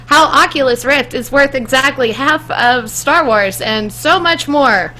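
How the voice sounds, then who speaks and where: Young woman, podcast co-host, high voice, giggly, self-deprecating, casual banter. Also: unhurried, hardly any pauses, bright, forceful tone. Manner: giggly, self-deprecating, stumbles when reading.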